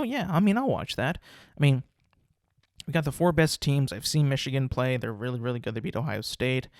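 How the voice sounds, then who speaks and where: A man's voice: mid-range voice, a little mellow, dry recording, clean studio sound. A young man hosting a casual solo podcast, talking in a rambling, profane, incredulous way. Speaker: podcast host.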